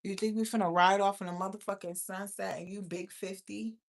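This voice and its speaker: A woman's voice: mid-range voice, fairly even intonation, fairly quick. A woman in her thirties hosting a livestream, ranting bluntly and profanely as she answers viewer comments. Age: 30s. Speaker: livestream host. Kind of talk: casual livestream chat reading viewer comments.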